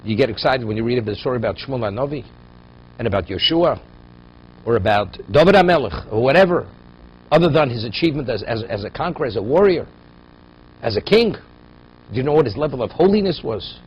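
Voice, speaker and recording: A man's voice: medium pitch, expressive, brisk, long pauses, husky. Guy giving a torah class, tells the story then gets emphatic, muffled lo-fi recording. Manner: storytelling, rising to emphatic peaks. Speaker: Torah teacher.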